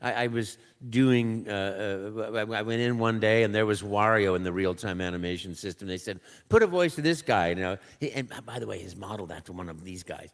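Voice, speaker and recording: On a live convention panel, an older voice actor guest recounts a story in a lowish voice, a little fast and with few pauses. He performs the dialogue and sound effects with lively energy.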